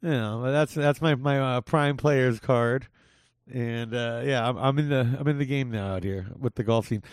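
A young man hosting a podcast, chatting loosely and swearing freely. His voice sits at an ordinary middle pitch and sounds dry and close, with no room around it. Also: normal speed, clear, resonant tone, no echo. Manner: laid-back, swears a lot, says dude often. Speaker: podcast host. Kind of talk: casual chat. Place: home in Las Vegas.

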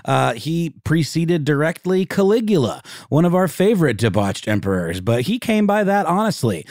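A man's voice: fairly high pitch, very animated, moderate pace, a little mellow, no room sound, studio quality. A man co-hosting a casual history podcast, rambling with lots of fillers. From Augusta, Georgia, US. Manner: rambling, many fillers and restarts. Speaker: podcast co-host.

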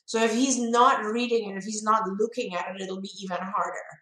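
A woman's voice: mid-range voice, steady tone, fairly quick, a bit bright. A woman co-hosting a live question-and-answer show, giving parenting advice in a conversational way with many fillers and restarts. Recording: roomy echo.

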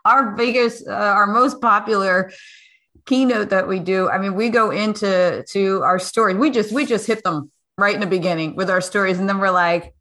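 A woman's voice: mid-range voice, normal speed, fairly bright tone. A woman co-hosting a podcast, bubbly and laughing as she talks. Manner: bubbly, laughs while talking. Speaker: podcast co-host. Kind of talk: casual conversation.

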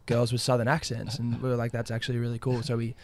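A man's voice: medium pitch, monotone, fast. A man with an Australian accent, a guest musician in a casual interview, talking in a rambling, enthusiastic way with lots of fillers. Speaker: country music duo member, guest.

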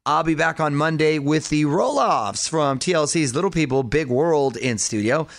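A man's voice: on the high side, normal speed, no room sound, studio quality. A man hosting a radio show, with breezy promo-style links and chat. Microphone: studio mic.

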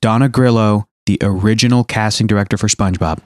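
A man's voice: fairly low pitch, steady tone, quick pace. A man co-hosting a casual podcast interview, upbeat and easygoing as he introduces the guest and asks questions. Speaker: podcast co-host.

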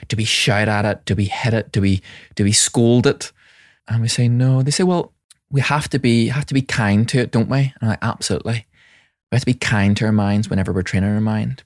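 Low-voiced man telling stories. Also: no room sound, studio quality. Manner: animated storytelling, acting out quoted voices; frequent restarts and repetitions. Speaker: mental health professional. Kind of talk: conversational podcast talk.

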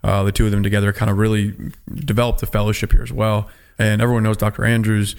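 Low gravelly man hosting. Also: fast talker. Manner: relaxed, asks short follow-up questions. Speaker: host, orthopedic surgeon. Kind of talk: casual interview.

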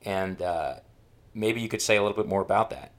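A man with a very low voice hosts the conversation, reflecting slowly on what his guest said. He gropes for words with repeated fillers before turning it into a follow-up question. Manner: thoughtful, hesitant, with many fillers. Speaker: podcast host. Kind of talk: interview question.

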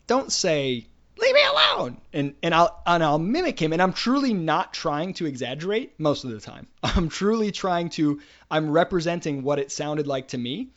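A man's voice: on the high side, animated, moderate pace, hardly any pauses. A father co-hosting a casual podcast, telling anecdotes with frequent restarts. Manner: anecdotal, storytelling, hesitant restarts. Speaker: podcast co-host. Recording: dull lo-fi podcast audio.

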